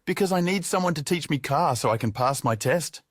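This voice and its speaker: A man's voice: fairly high pitch, animated, a little fast, no room sound, clean studio sound, pitched above the performer's own voice. A man voicing a cheerful young female casino trainee who speaks broken English in an over-the-top, fake happy way. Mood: gushing.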